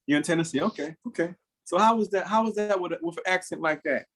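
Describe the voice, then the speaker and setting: Animated joking man hosting a podcast. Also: high voice, fast. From Miami. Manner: animated, joking, laughs often. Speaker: podcast host. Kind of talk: casual podcast conversation.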